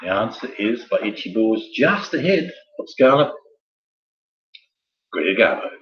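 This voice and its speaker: A man runs a casual quiz, reading questions and wandering into jokey, rambling asides. His voice sits on the low side. The sound is roomy and a little dull, like a lo-fi home recording. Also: very animated, measured pace. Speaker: quiz host. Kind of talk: casual live quiz hosting.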